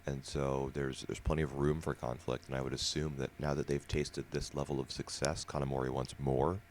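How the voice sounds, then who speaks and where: A man co-hosting a podcast in a relaxed, talkative way, explaining his views at length. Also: very deep voice, brisk, a little hiss or hum. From United States. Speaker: podcast co-host. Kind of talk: casual discussion.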